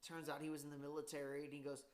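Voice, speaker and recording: A woman's voice: low voice, very fast. A woman hosting a podcast, telling stories with constant swearing and a smoker's laugh. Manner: swears constantly, animated storytelling with acted quotes. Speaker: podcast host. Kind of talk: casual chat.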